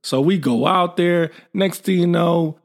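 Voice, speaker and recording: Gravelly middle-aged man telling war stories. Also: high-pitched, measured pace. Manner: lively, acts out quoted dialogue; blunt and informal. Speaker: military veteran guest. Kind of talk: casual storytelling.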